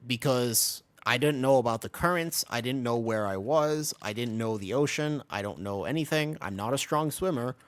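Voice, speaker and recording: With a clear, resonant mid-range voice, this twenty-something man chats at a moderate pace with hardly any pauses and no echo. He's casually streaming a game, rambling through a story between callouts and animating his voice for quotes.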